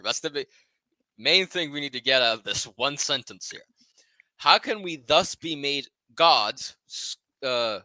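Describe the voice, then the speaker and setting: A man's voice: mid-range voice, bright, forceful tone, no echo. A man co-hosting a podcast book club, reading dense philosophy passages aloud and commenting on them casually, cursing and laughing at himself. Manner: reads passages then comments loosely, swears and laughs at himself.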